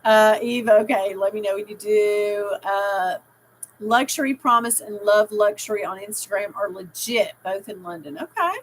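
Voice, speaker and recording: A woman's voice: medium pitch, moderate pace, a little hiss or hum, poor audio. A middle-aged woman hosting a casual live stream, rambling and reading out viewers' chat comments with easy laughter. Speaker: livestream host.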